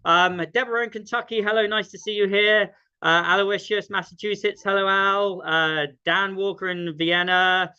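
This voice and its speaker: A man's voice: high voice, steady tone, normal speed, bright, forceful tone, smooth. A man hosting an online sing-along, chatty and self-deprecating, with many ums. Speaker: host. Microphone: video call. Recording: dull lo-fi video call audio.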